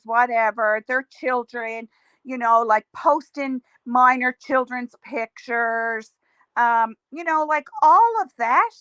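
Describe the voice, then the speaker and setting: A middle-aged woman talks casually on her livestream, rambling from one thought to the next and reading out viewers' comments as she goes. Her voice is bright and a little high for a woman. The sound is dry and close, with almost no room around it. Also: clean tone, no echo. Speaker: livestream host.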